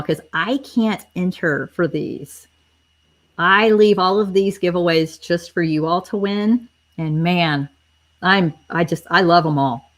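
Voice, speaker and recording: A woman with a slightly low voice hosts a casual live stream, talking straight to her viewers in a chatty, running commentary. She spells things out carefully and keeps everyone in the loop, all through a computer mic. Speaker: livestream host running a giveaway.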